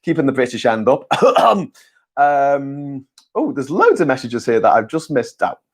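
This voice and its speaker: A man hosting a loose live-stream chat, reading viewer comments aloud. He rambles and corrects himself mid-sentence, tosses in sarcastic jokes and casual swearing. His pitch sits in the middle range. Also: big pitch swings, measured pace. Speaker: host.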